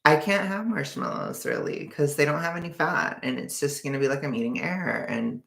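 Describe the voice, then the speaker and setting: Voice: mid-range voice, huge pitch swings, brisk, creaky, fairly bright tone. A young adult vlogger in casual chat, rambling and joking between frequent laughs. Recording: echoey room.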